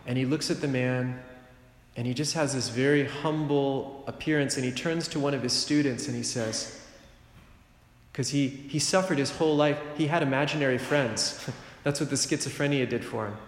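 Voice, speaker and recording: A middle-aged man delivers a sermon in a relaxed, conversational way, slipping in joking asides and quick rhetorical checks on his listeners. His voice sits at an ordinary male pitch. It rings out with a long, roomy reverb like a large church. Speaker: preacher.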